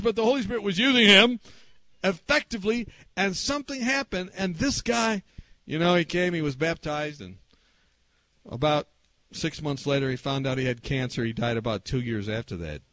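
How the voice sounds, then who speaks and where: A middle-aged male pastor preaching a storytelling sermon at a camp meeting, animated and acting out the voices in his stories. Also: high-pitched, moderate pace, no room sound. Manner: animated, acts out quoted voices.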